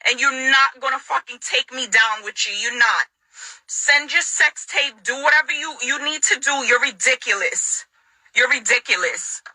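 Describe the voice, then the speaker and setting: High bright-voiced angry woman. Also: normal speed, dry recording, low-quality recording. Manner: confrontational, repeating lines for emphasis. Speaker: vlogger addressing her ex. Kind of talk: angry direct-to-camera rant.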